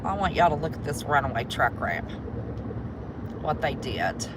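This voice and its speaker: Her low voice swings widely in pitch at a moderate pace as this West Virginian vlogger live-streams from inside her car on mountain roads. Chatting folksily and casually, she addresses viewers as "y'all," recording on a handheld phone while driving, and the audio is very noisy.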